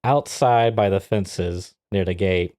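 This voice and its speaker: In a low voice and taking his time, a man co-hosting a podcast narrates a story in easygoing talk. There's no room sound. He's lively, frequently laughing, and acts out what people said.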